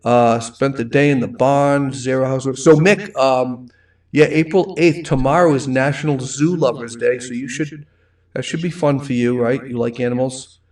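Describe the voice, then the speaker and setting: A middle-aged man with a thick Rhode Island accent hosts a casual live wine show, rambling along and reading viewer comments out loud. His medium-pitched voice is a little mellow, moves at a normal speed, and sounds distant from the mic.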